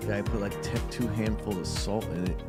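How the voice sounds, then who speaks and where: A man's voice: lowish voice, fairly even intonation, normal speed, over loud music. A man hosting a casual livestream, chatting about a video in a profane, rambling, laid-back way. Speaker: show host.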